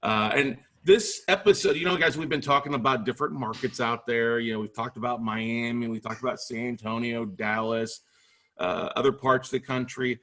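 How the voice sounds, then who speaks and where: A man's voice: mid-range voice, normal speed, fairly bright tone. A man hosting a podcast interview, enthusiastic and chatty, with lots of "uh" and "you guys". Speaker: podcast host.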